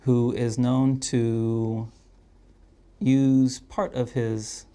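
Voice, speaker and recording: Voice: medium pitch, flat delivery, mellow. A game master narrating a tabletop game in a playful, chatty way. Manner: playful, chatty, quickly laughing.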